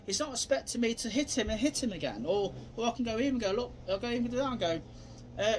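A man giving a rambling, repetitive self-defence demonstration, acting out scenes and bursting into shouted sound effects. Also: extremely high pitch, expressive, fast, a little hiss or hum. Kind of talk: casual demonstration talk.

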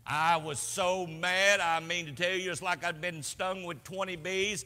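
Emphatic pastor preaching in a reverberant church. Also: male voice, high-pitched, measured pace, few pauses. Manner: emphatic, swings between loud and hushed. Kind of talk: sermon. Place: church sanctuary.

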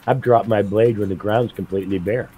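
A man's voice: fairly low pitch, fairly even intonation, a little fast, dark tone, husky, no room sound, rough recording. A middle-aged man streaming a game, telling blunt, profane stories in casual chat. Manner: blunt, profane storytelling with laughs. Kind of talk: casual chat while gaming.

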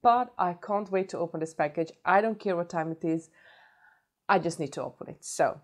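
Beauty vlogger, woman from Sweden, has a cold, slightly low voice, gushing and giggly. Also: normal speed. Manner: excitable, gushing, breaks into giggles. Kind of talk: casual unboxing vlog.

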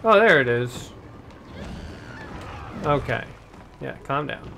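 A man giving chatty, excitable let's-play commentary, talking to the game's characters as he plays. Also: a little high, moderate pace, creaky, pauses often, slight background noise. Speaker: gameplay commentator.

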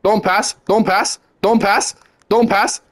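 High-voiced young man bossing teammates. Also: steady tone, fairly bright tone. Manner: rapid repeated commands and teasing. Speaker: gamer coaching teammates on voice chat. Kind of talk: live voice chat while playing a basketball video game.

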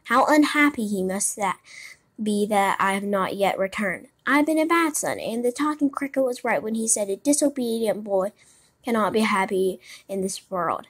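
A woman voicing Pinocchio, an eager, naive young puppet boy, in a raised, excited voice in a storybook reading. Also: normal speed, breathy edge. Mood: earnest. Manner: high, excited and pleading.

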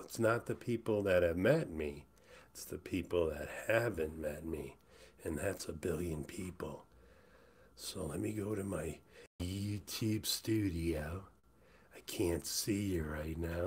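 A man streaming live who rambles, says he's high and mumbles, often trailing off into whispers. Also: slow, breathy edge. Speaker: livestreamer. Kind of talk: casual livestream chat. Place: indoors, hot room.

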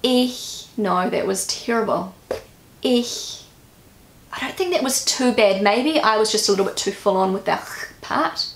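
Creaky-voiced New Zealand woman vlogging. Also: mid-range voice, lively intonation, normal speed, roomy sound. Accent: New Zealand English. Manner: self-critical, musing aloud, repeats words to practise. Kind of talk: casual vlog, pronunciation practice.

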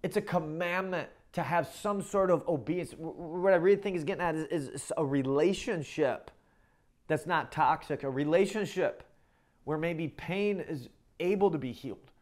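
A middle-aged pastor with a voice on the high side delivers a conversational sermon at a moderate pace. He keeps checking in with "okay?" and "right?", repeating and restarting his phrases as he talks.

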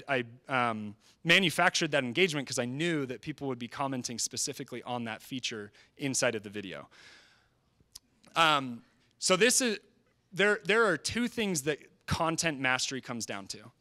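A man presenting at a training session, talking in an energetic, conversational way and quoting people in quick asides. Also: a little high. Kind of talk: live presentation. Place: presentation hall.

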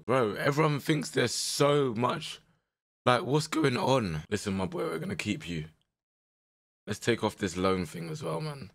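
A young man with a strained voice, giving animated, slangy commentary while playing a management game. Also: mid-range voice, unhurried. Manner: animated, exclaiming, slangy banter. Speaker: gaming content creator. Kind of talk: casual gameplay commentary.

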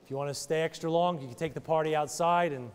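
A man's voice: fairly high pitch, steady tone, fast. A man preaching a sermon and leading an altar call in a church, driving his points with emphatic, repeated rhetorical questions. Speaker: pastor. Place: church sanctuary. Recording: long church hall reverb.

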